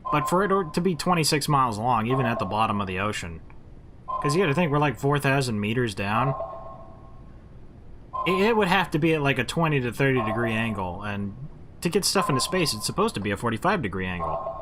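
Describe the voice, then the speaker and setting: A man's voice: mid-range voice, big pitch swings, brisk. Jokey, rambling gaming commentator man. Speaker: gaming host. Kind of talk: casual let's-play commentary. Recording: game noise behind his mic.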